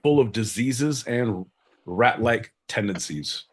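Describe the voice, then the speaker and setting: A man's voice: mid-range voice, slow, breathy edge. A man hosting a podcast, joking around and playing listener messages. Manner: jokey, animated, crude. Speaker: podcast host. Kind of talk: casual podcast banter.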